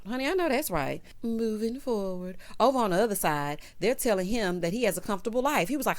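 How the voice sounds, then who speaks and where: Calling her audience honey and child, a young adult woman recaps a reality show in a casual, sassy, animated style. Her voice is fairly high, and she talks fast with hardly any pauses.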